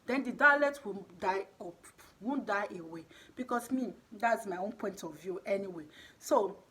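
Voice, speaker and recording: A woman's voice: medium pitch, moderate pace, pushed and bright, breathy edge. A woman vlogging in a casual spoken monologue, speaking non-native English with loose grammar and repeating points for emphasis. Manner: emphatic, repeats herself for stress.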